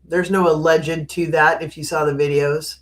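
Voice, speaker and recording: A woman's voice: sits low, little pitch movement, moderate pace. A woman hosting a casual live stream, chatting, reading out viewer comments, laughing often and giving frank opinions on the news. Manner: frank and opinionated on current events.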